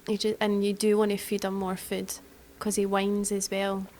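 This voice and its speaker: Gentle woman on a podcast, faint background hiss. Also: medium pitch, monotone, normal speed. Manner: gentle, agreeable, chimes in with short reactions. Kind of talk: casual chat.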